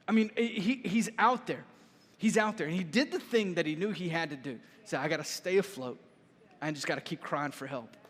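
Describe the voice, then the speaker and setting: Animated male pastor in a reverberant hall. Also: high-pitched. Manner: animated, storytelling, raises voice to shout lines. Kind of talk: sermon. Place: church hall.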